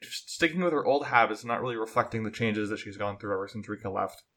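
Guy cohosting a podcast, bright clear voice, rambles and restarts a lot. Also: lowish voice, quick pace. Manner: chatty, repeats words while thinking aloud. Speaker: podcast co-host. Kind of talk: casual chat.

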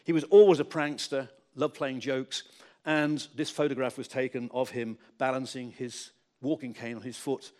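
A man's voice: mid-range voice, level tone, moderate pace, darkish tone. Man, author giving a talk, wry storyteller, emphatic, lecture hall. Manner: wry, anecdotal, with a lot of emphasis. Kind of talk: lecture with audience Q&A.

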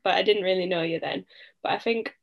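A woman's voice: medium pitch, steady tone, brisk, vocal fry, muffled recording. A woman from northern England, a guest on a podcast, chatting in an easygoing way and laughing often. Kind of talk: casual chat.

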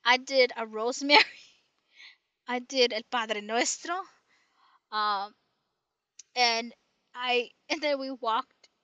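A woman's voice: on the high side, slow, pauses often, pushed and bright, smooth, dull audio. A woman in casual chat, telling a long rambling story full of restarts and tag questions.

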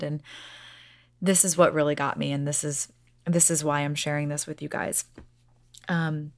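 A woman with a low voice speaks directly to her viewers in a casual, heartfelt way. She is earnest and circles back on her own phrases. Her voice sounds dry and close, with no room around it. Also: dry recording. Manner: earnest, repeats "like I said".

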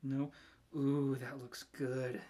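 A man's voice: mid-range voice, little pitch movement, slow, mellow, slight background noise. A young man co-hosting a casual podcast, giving short replies and joking asides. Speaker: podcast co-host. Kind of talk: casual chat.

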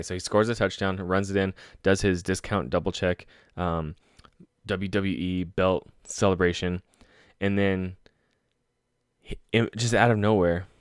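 A man with a deep, low voice runs through game results in a loose, excitable way. He swears freely and laughs at his own stories. The sound is dry and close, with no room around it. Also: dry recording. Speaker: sports podcast host. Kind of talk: casual solo sports talk.

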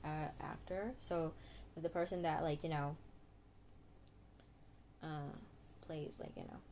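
A woman's voice: low voice, steady tone, warm tone, slight background noise. A woman hosting a casual solo podcast, giving English tips in a rambling, giggly way and stopping herself often. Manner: rambling, giggly, self-interrupting; playful, drawn-out name demonstrations.

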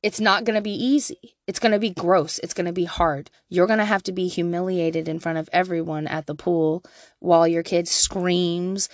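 A woman in her thirties, a mother giving frank, profane parenting advice in a candid monologue. She laughs often and swings from quiet asides to loud bursts. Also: fairly low pitch, fairly even intonation, moderate pace, dry recording, clean studio sound.

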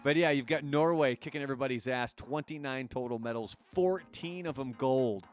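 Faint, gentle music plays behind a man running a casual live-streamed talk show. He's talkative and full of jokes, delivering lines like an energetic quiz host at a moderate pace and medium pitch.

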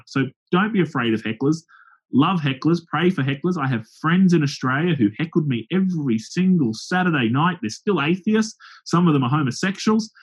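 A man's voice: a little high, breathy edge. A man, a pastor and open-air preacher, telling stories in an interview, acting out the people he quotes. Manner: lively anecdotal storytelling with acted-out quotes. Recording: dull lo-fi sound.

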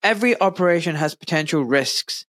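A man, a surgeon hosting an interview, chatting with quick reactions and stories of his own. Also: on the high side, animated, fairly bright tone, dry recording. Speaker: host, a surgeon.

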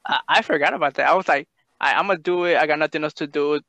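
A man with a voice pitched well above most men, chatting with friends in a relaxed, rambling way. His slangy talk is full of filler words, and it sounds dry and close. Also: quick pace, no room sound. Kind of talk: casual chat.

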